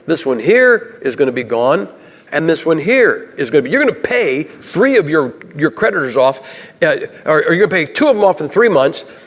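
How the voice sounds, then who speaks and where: Folksy preacher man in a reverberant church. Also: fairly high pitch. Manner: folksy, conversational, asks the audience questions. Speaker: Baptist preacher. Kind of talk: sermon. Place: church sanctuary.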